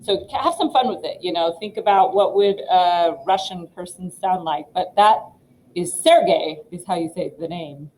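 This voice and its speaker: A woman's voice: on the low side, normal speed, few pauses, a little mellow, a little hiss or hum, low-quality recording. A woman drama teacher talking students through audition pieces in a casual, rambling way, with many fillers and restarts.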